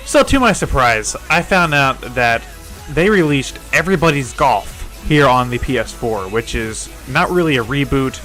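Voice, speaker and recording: A man's voice: medium pitch, expressive, moderate pace, sharp tone, faint music behind. A man doing a game review voice-over, swearing a lot and stumbling over his words as he complains. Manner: profane and exasperated, stammers and restarts.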